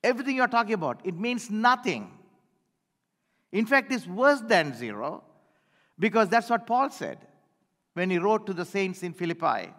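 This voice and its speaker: A man preaching a sermon to his church, with dramatic pauses and phrases that fall away at the end. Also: high voice. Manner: animated preaching with dramatic pauses and falling endings. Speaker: pastor. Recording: long hall reverb.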